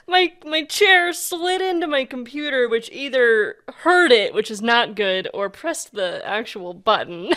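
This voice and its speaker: A woman's voice: high-pitched, fairly bright tone. A young woman streaming a retro game, laughing and groaning in frustration as she plays. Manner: laughing, exasperated, swearing in frustration. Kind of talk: casual gaming stream chat.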